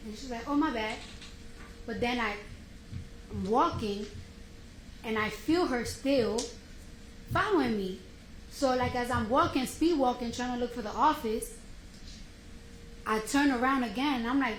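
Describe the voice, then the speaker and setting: A woman's voice: fairly high pitch, normal speed, pauses often. A woman giving courtroom testimony from the witness stand, retelling a heated argument in casual slang and acting out both voices. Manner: casual slang-heavy speech. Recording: echoey courtroom audio, faint hiss.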